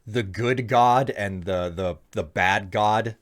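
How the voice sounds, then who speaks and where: A man's voice: on the low side, slow. A young man streaming a game, chatting casually and joking with lots of fillers. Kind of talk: casual live-stream chat.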